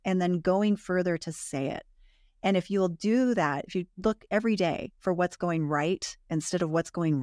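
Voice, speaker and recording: A woman's voice: low voice, no room sound, studio quality. A woman guest on a relationship podcast, earnestly explaining research findings and repeating points for emphasis. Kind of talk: conversational explaining.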